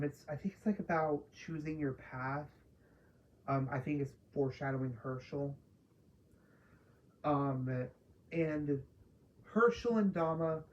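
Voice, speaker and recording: A woman's voice: sits low, darkish tone, muffled recording, a little hiss or hum. A woman casually ranting through a spoiler review of a TV episode, profane and exasperated, mocking characters she dislikes. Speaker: TV show reviewer.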